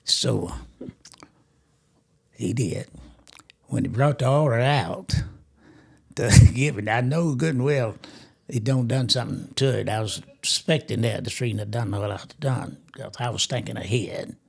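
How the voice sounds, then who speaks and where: A man in his eighties, a grandfather, telling a family story in a lively way, laughing as he goes and acting out the quotes. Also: medium pitch, normal speed, vocal fry, slightly rough. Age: 80s. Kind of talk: casual storytelling.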